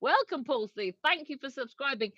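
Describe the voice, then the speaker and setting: A woman's voice: sits high, animated, normal speed, bright, forceful tone, no room sound. An English woman with a slightly posh accent, co-hosting a livestream in casual chat, reading out viewer comments with a playful, teasing manner. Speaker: livestream co-host. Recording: dry, slightly dull lo-fi stream audio.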